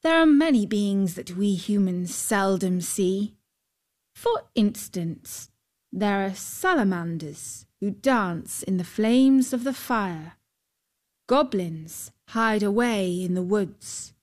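Slow, measured woman storyteller. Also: medium pitch, lively intonation, darkish tone. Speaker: narrator. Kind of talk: scripted storybook narration.

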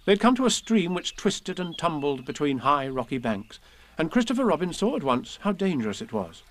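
A man reading children's poems and stories aloud with a gentle, measured recitation. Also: on the high side, very animated. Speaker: reader.

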